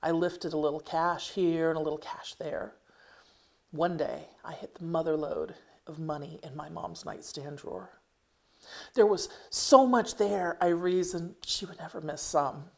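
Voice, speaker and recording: A woman reading her own personal memoir aloud in a measured way, with occasional wry asides. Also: deep voice, gravelly, darkish tone.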